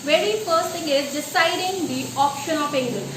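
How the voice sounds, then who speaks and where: A woman teaching English pronunciation in a deliberate, emphatic way, checking in with her listeners with a rhetorical "yes?". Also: high-pitched, a bit bright. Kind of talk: instructional lesson. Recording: echoey room with faint ambient noise.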